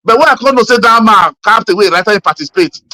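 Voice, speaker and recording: A man with a Nigerian accent, co-hosting a casual political chat and telling stories in a rambling, animated way full of fillers. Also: high-pitched, fast, no echo. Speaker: podcast co-host.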